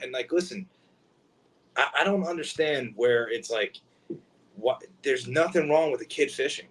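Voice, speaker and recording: A man's voice: mid-range voice, normal speed, pauses often, poor audio. New man hosting a chatty podcast. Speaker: podcast host. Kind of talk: casual chat.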